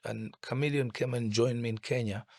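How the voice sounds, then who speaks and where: A man's voice: mid-range voice, steady tone, fairly quick, darkish tone, dry recording, clean studio sound. A middle-aged man from Uganda, a musician guest telling his story in an interview, reflective and prone to restarting his sentences. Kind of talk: casual interview chat.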